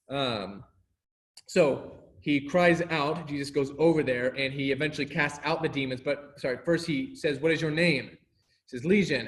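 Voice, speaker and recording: A man leads a relaxed Bible class in a mid-pitched voice. He talks in an animated way, laughs often, and acts out the lines of the people in his story. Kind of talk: casual Bible lesson.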